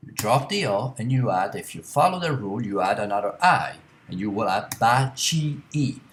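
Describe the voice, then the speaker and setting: A man gives a classroom lesson in a lowish voice, taking his time. He explains step by step, pausing often and correcting himself as he goes. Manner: slow, deliberate explaining with many pauses and self-corrections. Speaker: language teacher. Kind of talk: classroom lecture.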